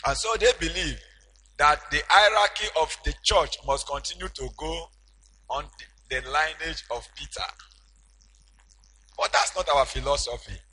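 A man preaching a sermon as pastor, slow and emphatic, with sudden shouted peaks. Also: a little high, breathy edge, rough recording.

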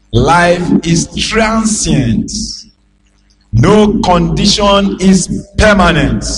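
A man with a Nigerian accent preaching a sermon as a pastor, emphatic and calling out to the congregation for responses, with bursts of shouting. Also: high-pitched, slight background noise, low-quality recording.

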